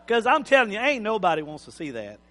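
A man's voice: high-pitched, big pitch swings, fast talker, pushed and bright, slight background noise. A middle-aged man preaching a sermon in a folksy, joking, plain-spoken way. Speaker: pastor. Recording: hall reverb.

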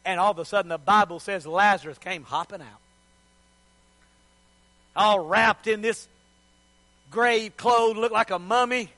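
A man's voice: high voice, a little slow, long pauses, sharp tone, no echo. A man preaching a sermon, telling the story in a folksy, joking way.

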